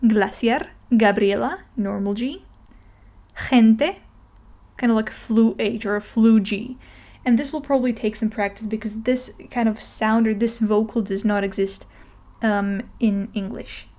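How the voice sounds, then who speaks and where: A woman's voice: a little high, fairly even intonation, normal speed, mellow. Patient woman teaching pronunciation. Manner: patient, explains step by step with frequent "okay?" checks. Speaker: language teacher. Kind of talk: narrated language lesson.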